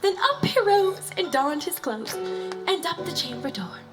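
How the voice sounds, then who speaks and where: Woman playing Ophelia, a mad young noblewoman, very high. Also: expressive, a little slow, over music, low-quality recording. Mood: singsong. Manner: singsong, drifting, laughing softly. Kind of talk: stage Shakespeare acting.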